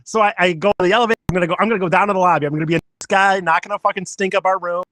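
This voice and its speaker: Fast, bright-voiced man telling a story. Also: high-pitched, dry recording. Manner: swears a lot, animated storytelling. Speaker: podcast co-host. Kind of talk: casual storytelling chat.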